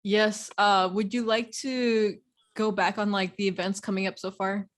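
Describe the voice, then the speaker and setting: A woman's voice: mid-range voice, flat delivery, moderate pace. A young woman co-hosting a radio show, asking questions casually, giggly and hesitant. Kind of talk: casual interview chat.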